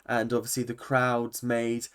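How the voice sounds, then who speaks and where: Here the man's voice is mid-range, clean in tone, and a little slow. He's a vlogger reacting to a reality TV episode, animated and opinionated, swearing freely throughout his rant.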